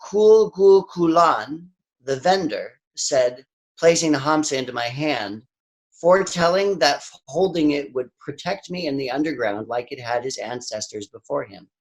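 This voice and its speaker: A man reading and praying at a spiritual service in a calm, reflective, unhurried way. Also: on the high side. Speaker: service reader.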